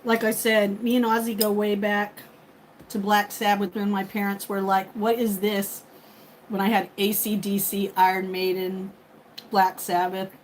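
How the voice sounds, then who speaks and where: A woman's voice: medium pitch, level tone, a little slow, poor audio. A woman in her fifties hosting a casual livestream, chatting and thanking viewers by name. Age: 50s. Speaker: livestream host. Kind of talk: casual live chat with viewers. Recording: faint background noise.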